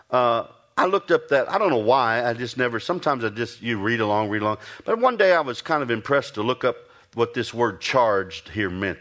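A man preaching a sermon in a conversational way, asking the listeners questions and raising his voice for emphasis. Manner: animated, rising pitch for emphasis.

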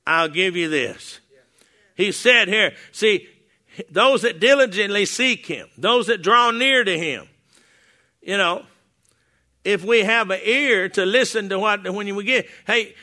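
An older man preaching to his congregation in a folksy, storytelling way, stumbling and restarting as he goes. His voice is very bright and somewhat high for a man. He wears a clip-on mic in a church hall. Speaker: pastor. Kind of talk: sermon. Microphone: wearing a lapel mic.

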